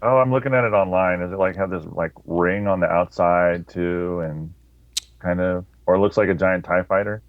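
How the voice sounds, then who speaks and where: A man's voice: low-pitched, normal speed, dry recording. A man co-hosting a podcast, talking in a laid-back casual way. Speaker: podcast co-host. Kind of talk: casual chat. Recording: dull dry remote audio.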